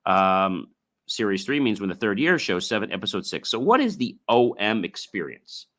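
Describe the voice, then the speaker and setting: Low-voiced man hosting a solo podcast. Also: big pitch swings, a bit bright. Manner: chants drawn-out oms in demonstration; loose, filler-heavy, repeats himself. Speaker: podcast host. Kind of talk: casual solo podcast talk.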